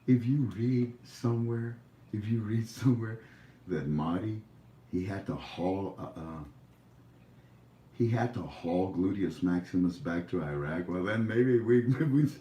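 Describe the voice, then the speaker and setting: A man's voice: lowish voice, unhurried, warm tone, a little hiss or hum. A man hosting a livestream, talking in a rambling, jokey way. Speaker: livestream host. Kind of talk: rambling casual commentary. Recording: echoey room, far from mic.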